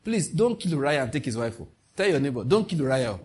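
A man's voice: medium pitch, big pitch swings, fast, a little mellow, husky. A man with a Nigerian accent preaching a sermon with passion, slipping into pidgin asides. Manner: impassioned, mixing in pidgin asides.

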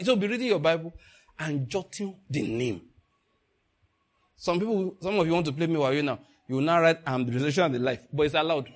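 A middle-aged male preacher giving a sermon, swinging between hushed emphasis and loud bursts, laughing often. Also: high voice, lively intonation, fairly quick.

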